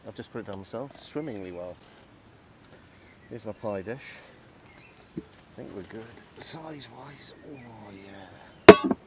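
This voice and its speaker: Cooking vlog host, male, low-ish voice, self-deprecating patter, outdoors with faint ambience. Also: noisy background. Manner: chatty, self-deprecating, talks through each step. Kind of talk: casual cooking vlog narration. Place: outdoors in woodland.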